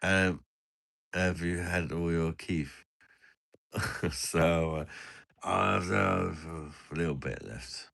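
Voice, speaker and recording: A man's voice: sits low, very slow, creaky, pauses often, fairly bright tone. A man hosting a crude, joking chat, bantering and laughing his way through rude beer names. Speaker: host.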